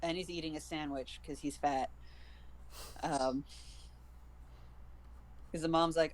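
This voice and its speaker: A man's voice: on the high side, fairly even intonation, a little slow, long pauses, poor audio. A man streaming live, chattily retelling a book's plot in a loose, amused way. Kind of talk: casual chat recapping a book.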